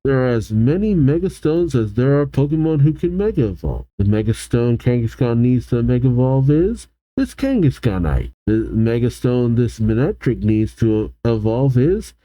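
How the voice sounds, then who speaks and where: A man's voice: medium pitch, big pitch swings, moderate pace, hardly any pauses, mellow, no echo, close to an everyday voice. A man voicing a smug young male villain grunt who gloats and lectures.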